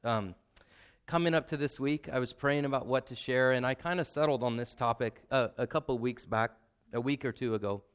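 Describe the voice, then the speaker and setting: A young adult man, a pastor, giving a sermon in a conversational, self-deprecating way and slowing down to stress key points. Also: medium pitch, clean tone.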